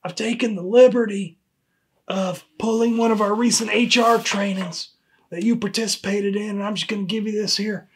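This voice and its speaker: A man's voice: high-pitched, steady tone, moderate pace, slight background noise, close to an everyday voice. An actor playing an exasperated male human resources supervisor in a comedy sketch, speaking in a dry, pointed way and repeating the officer's name.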